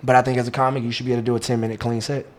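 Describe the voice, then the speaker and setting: A man's voice: mid-range voice, little pitch movement, racing. A young man, chatting casually as a comedian guest, joking and boastful with lots of slang. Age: 20s. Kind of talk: casual podcast chat.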